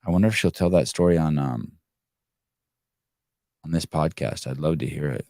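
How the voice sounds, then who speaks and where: A man's voice: extremely low pitch, normal speed, a little mellow, dry recording, clean studio sound. A middle-aged man hosting a podcast, rambling in casual talk and swearing freely when he gets frustrated. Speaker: podcast host. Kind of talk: casual live show monologue.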